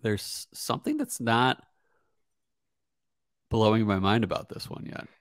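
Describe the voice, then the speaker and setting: Relaxed man in casual chat. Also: on the low side, unhurried, dry recording, studio quality. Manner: relaxed, hesitant, lots of fillers. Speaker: podcast co-host.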